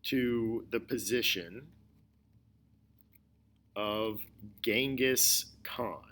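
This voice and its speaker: A male history teacher giving a recorded lecture, explaining slowly and deliberately, often repeating his key points. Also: medium pitch, a bit bright. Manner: slow, deliberate explaining with repetition.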